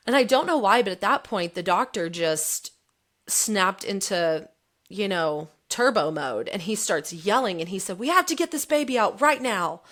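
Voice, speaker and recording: A woman in her thirties, a podcast guest, candidly telling a personal story and acting out the quoted lines. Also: medium pitch. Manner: candid, animated retelling, voicing the quotes.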